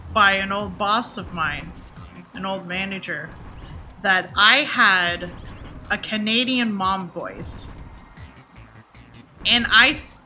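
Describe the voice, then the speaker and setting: Woman, game streamer, casual chat to viewers, tense bright tone, soft music underneath. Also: on the high side. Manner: chatty, answers viewers' chat by name.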